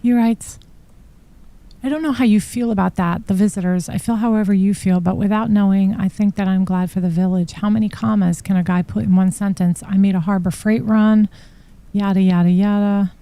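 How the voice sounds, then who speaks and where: A woman hosts a true crime live stream, reading text messages aloud and breaking in with shocked remarks. Her voice is mellow and warm, at a middle pitch. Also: fairly even intonation, brisk. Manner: reads texts aloud with shocked asides. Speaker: true crime podcast host. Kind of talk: live-stream commentary reading trial exhibits.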